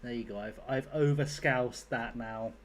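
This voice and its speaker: A man's voice: mid-range voice, fairly even intonation, measured pace, a little hiss or hum. A young man streaming a game, chatting casually with his viewers, rambling, joking and swearing freely. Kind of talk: casual live-stream chat.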